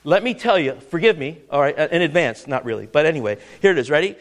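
A middle-aged male preacher with a high, gravelly voice that leaps all over the place. He swings from booming declarations to hushed asides, keeps checking in with "listen" and "ready?". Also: lively intonation, fast. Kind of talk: sermon.

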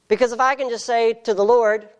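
A preacher giving an earnest, emphatic sermon, reading scripture slowly and deliberately. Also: mid-range voice, fairly even intonation, clean tone, lo-fi sound.

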